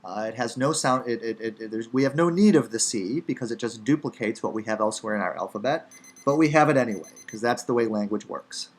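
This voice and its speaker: Male instructor, Chicago accent, offhand and dryly funny, mid-pitched, lecture delivery. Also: fast. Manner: casual, wry teaching with many fillers. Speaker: Hebrew instructor. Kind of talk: recorded lecture.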